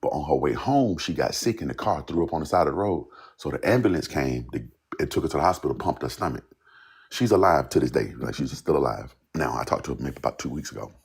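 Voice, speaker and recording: A man, a songwriter guest, telling a personal story casually, rambling and halting in places. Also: a bass voice, animated, gravelly, husky. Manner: loose, rambling, repeats "you know what I'm saying".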